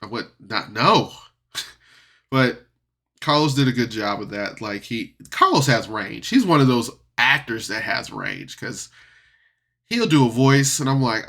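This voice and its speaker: A man's voice: mid-range voice, animated, a little slow, sharp tone. A man giving a casual, rambling solo podcast review, chatty and laughing often.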